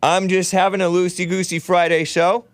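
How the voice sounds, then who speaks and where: A man's voice: sits high, flat delivery, moderate pace, clean tone, dry recording. A man hosting a casual call-in talk show, rambling and sarcastic, reading news aloud with his own running commentary and stumbling over names.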